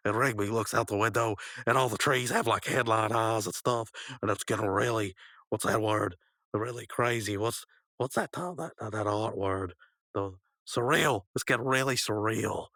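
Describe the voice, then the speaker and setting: Man, casual podcast recap, rambling, bright tone, dry close mic. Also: on the low side, moderate pace, dry recording. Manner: rambling, animated, acts out quotes. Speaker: podcast co-host.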